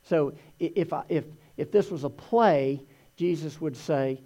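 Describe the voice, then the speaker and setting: A man giving a conversational sermon, telling the Gospel story in an animated way. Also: on the high side, unhurried. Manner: animated storytelling, acts out voices in quotes. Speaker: preacher teaching from the Gospels.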